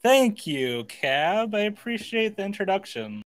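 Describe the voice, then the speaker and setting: A man's voice: sits high, very animated, a little slow, no room sound. A young man playing a tabletop game over voice chat, casual and hesitant, laughing often. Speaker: player. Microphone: voice chat microphone.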